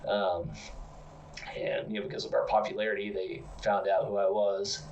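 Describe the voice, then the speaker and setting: A man co-hosting a comedy podcast, telling absurd stories in a rambling, deadpan way. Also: fairly low pitch, normal speed, far from the mic, highs cut off, slight background noise. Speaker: podcast co-host.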